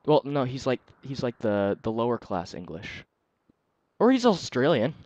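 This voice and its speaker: A man's voice: medium pitch, sing-song, darkish tone, no echo, dull audio. A man hosting a let's play, chatting and telling the player where to go, on a headset mic. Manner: directs the player, chatty and quick to laugh. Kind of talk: casual gameplay commentary.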